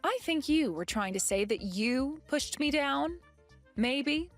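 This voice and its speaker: A woman's voice: high voice, expressive, slow pace, faint music behind, heavily acted. A woman voicing a pregnant young wife who questions her mother-in-law in a firm, accusing way.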